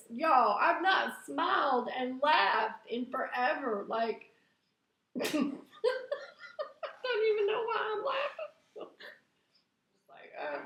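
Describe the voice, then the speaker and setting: A woman, chatting excitedly to camera in a vlog and laughing at herself. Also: mid-range voice. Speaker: vlogger. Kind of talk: casual chat to camera. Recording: echoey room.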